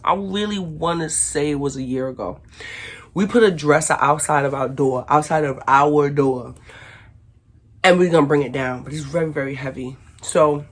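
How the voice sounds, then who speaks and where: Husky animated woman telling a story. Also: sits low. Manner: animated, slangy storytelling with acted-out quotes. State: recovering from illness. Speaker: vlogger. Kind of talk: casual storytime.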